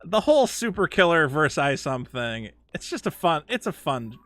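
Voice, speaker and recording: A man chatting casually with his viewers while playing a game on a live stream. He is excitable, stammers through restarts and swears a lot. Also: a little high, moderate pace, dry recording.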